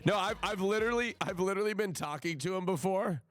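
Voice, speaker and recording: At his home stream setup, a man livestreams in casual chat, swearing a lot and excitably swinging into mock outrage. His voice is high-pitched and fast, with faint music behind him.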